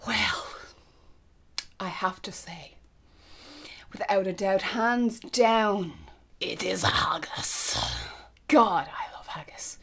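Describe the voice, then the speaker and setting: A woman's voice: medium pitch, slow, pauses often. A young Irish woman chatting casually to camera as a vlogger, gushing and now and then dropping to a whisper. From Ireland.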